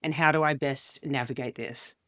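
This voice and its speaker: A woman's voice: normal speed, no echo, studio quality. A woman, a comedian and speaker, telling stories in an interview and acting out the voices of the people she quotes. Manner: expressive, acts out quoted voices with big pitch jumps. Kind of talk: animated storytelling in an interview.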